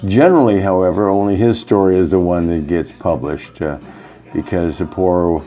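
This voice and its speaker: A man giving a rambling spiritual talk as a yoga teacher, halting often and using many fillers. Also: low voice, mellow. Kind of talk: casual spiritual monologue.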